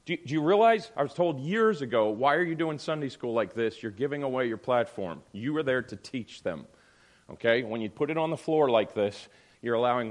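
Middle-aged male Sunday school teacher, emphatic delivery, slips into quick impressions of others. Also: medium pitch, animated. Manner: emphatic, acts out other people's voices. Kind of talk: teaching a church class.

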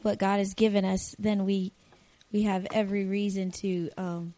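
A woman in a study group, giving a halting answer to the leader's question. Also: mid-range voice, flat delivery, mellow. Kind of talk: casual group discussion.

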